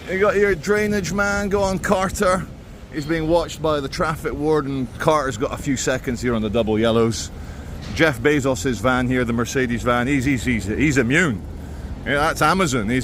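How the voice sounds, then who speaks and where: A man's voice: a little high, fairly bright tone. A man walking city streets with a camera, giving sardonic running commentary as a vlog host. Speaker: vlogger host. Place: outdoors on busy city streets. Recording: street traffic noise behind.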